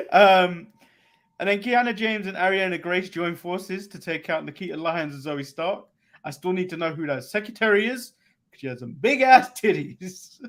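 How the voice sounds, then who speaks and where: A man's voice: high voice, a little slow, a bit bright. A man from England co-hosting a wrestling recap show, chatting casually with frequent laughs and hesitant ums. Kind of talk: casual podcast banter.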